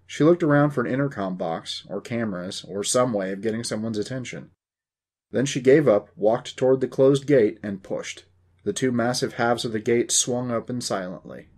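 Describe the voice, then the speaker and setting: A man's voice: medium pitch, moderate pace, darkish tone. A man in his forties hosting a story podcast, reading the narration in a dry, wry manner.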